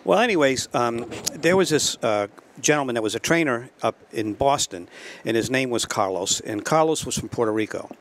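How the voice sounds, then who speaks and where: A man telling a story in a casual talk show, animated, repeating himself and laughing at his own jokes. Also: medium pitch, moderate pace. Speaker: guest, trailer company co-owner.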